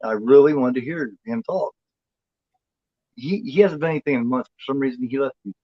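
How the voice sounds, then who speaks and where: A man's voice: medium pitch, brisk, no room sound, lo-fi sound. A man co-hosting a horror movie chat show, rambling and swearing freely in casual talk. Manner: rambling, swears freely, voices the cat in a playful drawl.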